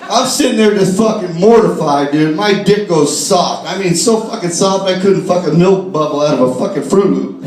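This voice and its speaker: A high-pitched man works a bar crowd with a profane, animated stand-up routine and shouts his punchlines. The mic sits a little distant in an echoey room. Loud audience laughter rolls through it. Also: moderate pace, hardly any pauses. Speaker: stand-up comedian. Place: bar stage with live audience.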